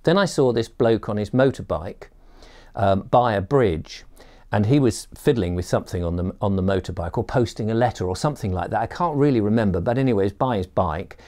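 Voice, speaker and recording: A man with a fairly low voice tells a personal story to camera. He rambles in a chatty way, pausing on ums and restarting his sentences as he remembers. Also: animated, darkish tone. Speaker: storyteller and performer.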